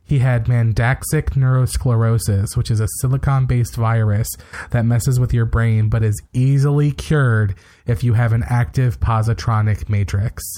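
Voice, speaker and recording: Brisk, opinionated man recapping casually. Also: mid-range voice, fairly even intonation, mellow. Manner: brisk, opinionated retelling with quick asides. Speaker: podcast co-host.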